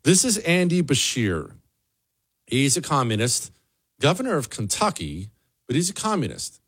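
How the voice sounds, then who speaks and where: A man's voice: mid-range voice, wildly swooping pitch, normal speed, a bit bright, breathy edge. A man hosting a political commentary show, talking in an emphatic, mocking monologue. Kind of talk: opinionated monologue.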